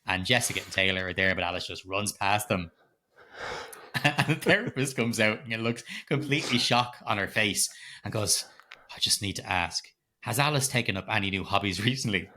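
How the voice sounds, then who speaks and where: A middle-aged man, co-hosting a podcast and retelling a film scene in animated, laugh-filled detail, swearing freely. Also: lowish voice, a little fast. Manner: animated storytelling, heavy swearing, frequent laughter. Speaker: podcast co-host. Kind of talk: casual film-recap chat.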